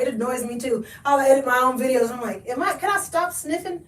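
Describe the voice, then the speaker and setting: A chatty, high-voiced woman shows off her thrift finds to viewers on a live stream. She is sniffly from allergies. The sound is echoey, with the mic set back from her in the room. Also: a little fast, far from the mic. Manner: chatty and expressive, talks to viewers, laughs often. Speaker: thrift haul host. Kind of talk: live-stream haul chat.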